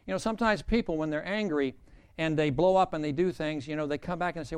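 A man's voice: on the high side, fast talker, clear, resonant tone. A man preaching a sermon as a pastor, emphatic and repeating key phrases for weight.

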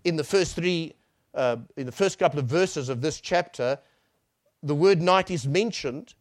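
A male preacher giving a sermon. He swells on key phrases and then drops to a near hush. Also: a little high, measured pace, no room sound, studio quality.

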